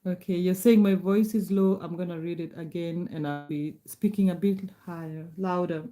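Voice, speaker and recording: A middle-aged woman hosting a live stream, chatting haltingly between poems and then reading them aloud. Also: lowish voice, steady tone, mellow. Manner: halting, hesitant, many fillers and restarts between poems. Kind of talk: casual live-stream chat and poetry reading.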